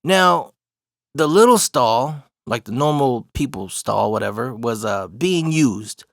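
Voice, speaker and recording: Midway through a casual personal story, a man swears freely and laughs as he talks. His middle-pitched voice is expressive and slow, with vocal fry. The sound is close and dry, with no room or echo around it.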